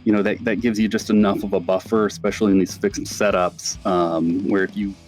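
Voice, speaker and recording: A male race winner answers post-race questions in a lowish voice. He talks in a halting way, with many filler words as he gathers his thoughts. Faint music sits under the interview. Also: little pitch movement, darkish tone. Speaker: winning race driver.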